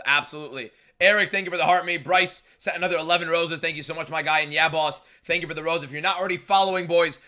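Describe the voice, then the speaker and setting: Young male host of a live fight stream, slightly high voice, rapid-fire, pushes every line hard. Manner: emphatic and shouty, reading viewer messages aloud.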